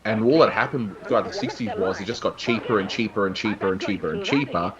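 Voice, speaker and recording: Low-voiced man riffing over a cartoon. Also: quick pace, a crowd in the background. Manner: rambling, chuckling, with frequent fillers and restarts. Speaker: channel host. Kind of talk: casual watch-along commentary. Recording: dull lo-fi audio with cartoon soundtrack behind.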